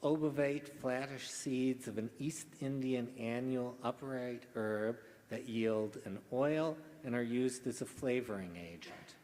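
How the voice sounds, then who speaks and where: A man calls out words and definitions at a school spelling bee at an unhurried, measured pace. His voice sits in a middle register and rings with the long reverb of a large hall. Each syllable comes out carefully enunciated. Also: medium pitch, darkish tone. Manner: slow, deliberate enunciation. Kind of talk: formal reading of words and definitions. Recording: echoey hall.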